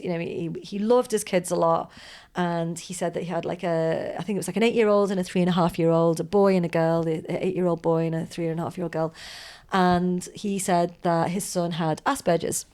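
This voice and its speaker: A woman's voice: fairly low pitch, steady tone, brisk, a little mellow. A woman hosting a podcast, telling a long story in a chatty, rambling way with many asides. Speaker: podcast host. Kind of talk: casual storytelling chat.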